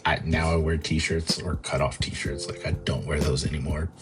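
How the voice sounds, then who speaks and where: A young man telling a personal story as a vlogger, halting and repeating himself with many fillers. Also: extremely low pitch, fairly even intonation, music in the background. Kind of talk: storytelling monologue.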